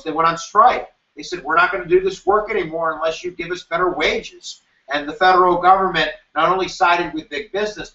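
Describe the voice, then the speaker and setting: A man giving an animated, jokey history review lecture as a teacher, acting out quoted voices now and then. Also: on the high side. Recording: roomy, distant, dull sound.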